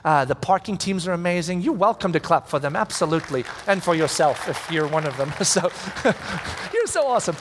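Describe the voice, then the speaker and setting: Man, pastor, sermon, high voice, animated storyteller, long hall reverb. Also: a little fast, slight background noise. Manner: animated storytelling, acts out shouted quotes.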